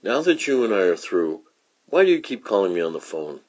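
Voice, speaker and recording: A man voicing a bossy young girl from a comic strip, in a sharp, demanding way. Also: sits low, very animated, fairly quick.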